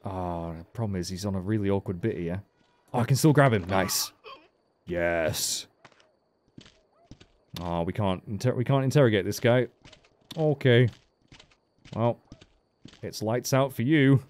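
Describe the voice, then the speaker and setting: A man's voice: on the low side, a little slow, pauses often, darkish tone. A man giving casual, joking game commentary as a let's play host, with frequent swearing. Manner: chatty, joking, swears freely.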